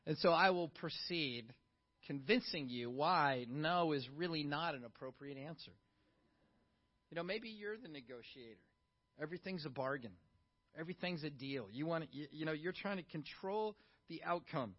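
A middle-aged pastor with a high voice preaches a sermon in an easy, conversational way. He keeps asking the congregation questions and swings between quiet asides and lively bursts. The sound is a little dull and lo-fi. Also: normal speed.

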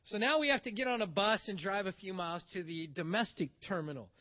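A man with a fairly high voice tells a story casually and with energy. He acts out other people's lines as he goes. The recording is a bit dull and lo-fi. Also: fast talker. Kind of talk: casual spoken anecdote.

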